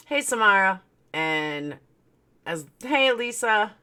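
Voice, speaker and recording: This livestream host welcomes each viewer in chat by name, keeping things casual and jokey and poking fun at herself. She speaks at a measured pace with frequent pauses, in an expressive, medium-pitched, fairly bright voice.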